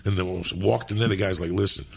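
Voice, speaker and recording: A man's voice: low voice, fairly even intonation, quick pace, vocal fry. A man appearing as a guest comedian, telling profane stories in a casual chat. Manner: profane, laughing storyteller.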